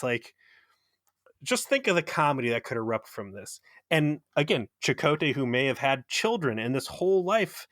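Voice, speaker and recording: A male podcast co-host retells an episode with sarcasm and plenty of swearing. His voice sits at a middling pitch and is recorded dry and close. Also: no echo. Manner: sarcastic, profane, animated retelling. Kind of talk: casual recap chat.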